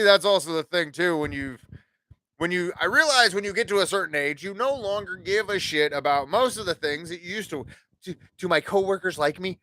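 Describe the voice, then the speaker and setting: A man's voice: high-pitched, pushed and bright. A man hosting a casual podcast livestream, rambling and swearing freely as he acts out conversations. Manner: profane, rambling, acts out dialogue. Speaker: podcast host.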